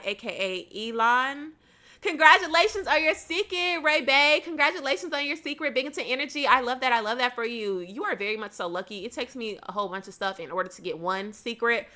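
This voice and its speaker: A woman's voice: fairly high pitch, a little fast, sharp tone. A young woman, chatting casually on a home livestream, laughing often and addressing viewers by name.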